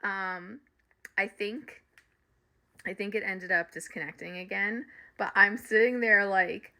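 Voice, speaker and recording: A middle-aged woman, a spiritual reader and coach, casually telling her viewers a story, animated and laughing often. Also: medium pitch, unhurried.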